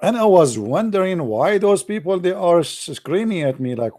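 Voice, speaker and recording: A man with an Arabic accent telling stories in broken English, speaking Arabic as his first language, and jumping up high and excited for his punchlines. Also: moderate pace, hardly any pauses. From Arab world. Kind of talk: animated storytelling monologue.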